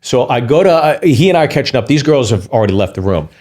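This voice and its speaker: A man's voice: mid-range voice, expressive, fast talker, darkish tone. A man who is a comedian, telling a heated, profane anecdote in a casual podcast chat.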